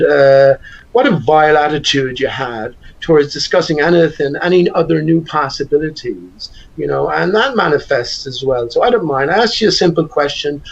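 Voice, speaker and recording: An older man with an Irish accent arguing on a call, combative and hectoring, repeating his points. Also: fairly high pitch. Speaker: call-in guest. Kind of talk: heated argument on a call. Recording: dull lo-fi call audio.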